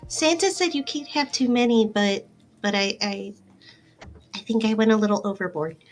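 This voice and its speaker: A woman's voice: a little high, normal speed, faint music behind, natural voice. A woman voicing a tiny, sheepish female fairy druid.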